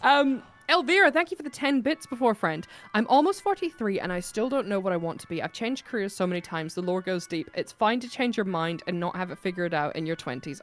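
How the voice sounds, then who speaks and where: A woman's voice: a little high, lively intonation, brisk, soft background music. A woman hosting a casual live stream from home, chatty and laughing, reading out viewer messages. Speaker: livestream host.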